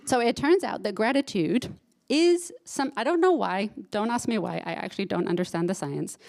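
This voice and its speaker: A woman's voice: mid-range voice, darkish tone. A woman psychotherapist giving a live conference talk, conversational and emotional, often checking in with the audience. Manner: conversational, engages audience with frequent "right?"; emotional, self-described crier.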